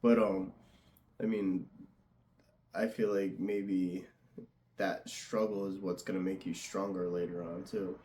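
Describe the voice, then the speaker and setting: A man's voice: low-pitched, little pitch movement, slow pace, long pauses, darkish tone, a little hiss or hum. A young man hosting a casual interview, easygoing and chatty, laughing often. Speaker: podcast host and tattoo artist.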